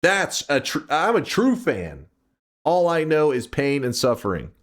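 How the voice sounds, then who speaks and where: A man's voice: a little high, huge pitch swings, a little slow. A man in his thirties chatting casually on a livestream, ranting and joking with lots of swearing. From United States. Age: 30s. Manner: ranting, profane and jokey with chat.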